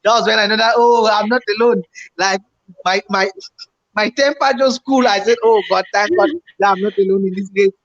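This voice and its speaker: A man tells a story in relaxed chat. He acts out his own past panic, repeating himself in excited bursts. The recording is slightly dull and lo-fi. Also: high-pitched, a little fast, a little hiss or hum. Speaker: YouTuber co-host.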